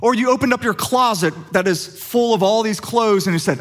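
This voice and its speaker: A man's voice: high-pitched, fairly quick, a bit bright. A man preaching a sermon as pastor, conversational and humorous, asking the congregation questions.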